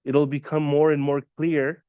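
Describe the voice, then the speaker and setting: Slow, patient man teaching a class. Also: on the high side, little pitch movement, clean tone, no echo, phone-quality sound. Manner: patient, quizzes students and repeats terms slowly. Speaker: Arabic teacher. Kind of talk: classroom lesson. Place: classroom at an Islamic center.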